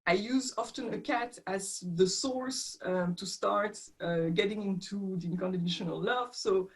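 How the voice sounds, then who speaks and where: A woman's voice: medium pitch, a little slow, poor audio. Hesitant woman with a French accent. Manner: hesitant, searching for words with many fillers. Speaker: session participant. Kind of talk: casual group video call.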